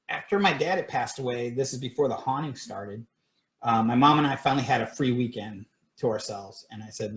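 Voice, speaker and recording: A man's voice: medium pitch, reverberant. A man casually telling a personal story on a livestream, rambling with many fillers and restarts. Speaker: paranormal research group director. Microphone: phone or webcam livestream.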